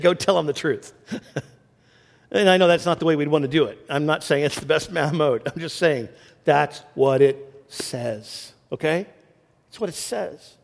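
Man preaching in a reverberant hall. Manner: animated, repeats and restarts phrases, raises pitch for emphasis. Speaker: pastor. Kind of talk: sermon.

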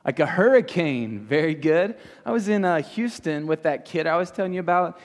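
A man's voice: on the high side, animated. A man leading a youth group as their pastor, teaching interactively and firing question after question at the audience. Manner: asks the audience many quick questions. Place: large hall with an audience. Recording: reverberant hall.

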